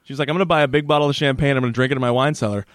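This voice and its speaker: A man's voice: medium pitch, fairly even intonation, no echo, studio quality. A man co-hosting a podcast, recapping an episode in casual chat, laughing often and acting out the characters' lines. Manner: laughs often, acts out characters' lines in quick put-on voices. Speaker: podcast co-host.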